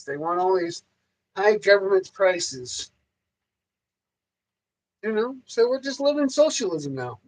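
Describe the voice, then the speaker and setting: A man's voice: high voice, low-quality recording. A man hosting a casual livestream, ranting loosely and rambling, with heavy swearing and frequent repeats. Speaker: livestream host.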